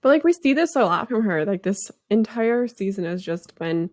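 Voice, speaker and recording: A woman's voice: mid-range voice, lively intonation, normal speed, a little mellow. A woman co-hosting a podcast in casual chat, thoughtful and sometimes searching for her words. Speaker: podcast co-host.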